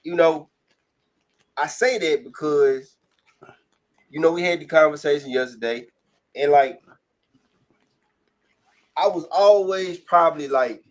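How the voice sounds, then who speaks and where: Profane, emphatic podcast co-host. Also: male voice, a little high. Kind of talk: casual chat.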